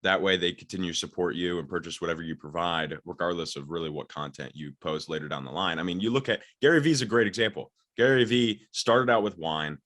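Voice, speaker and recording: A man's voice: deep voice, fairly bright tone. A young man, a social media expert, explaining his ideas eagerly in a casual interview over a call, with many fillers. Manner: eager, fast, filler-heavy.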